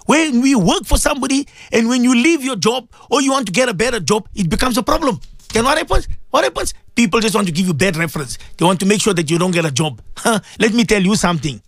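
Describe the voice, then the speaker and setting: A man's voice: high voice, lively intonation, fast, hardly any pauses, dry recording. A man presenting a morning radio show, delivering an impassioned sermon-style talk with emphatic repeated phrases.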